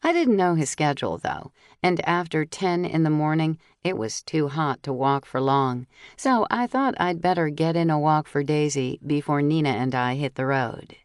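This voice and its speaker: A woman with a notably low, deep voice reads a first-person mystery audiobook. She tells the story in a steady, clear way and voices the other characters' lines. The recording is close and dry, with no room sound. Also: normal speed, few pauses, no room sound. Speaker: audiobook narrator.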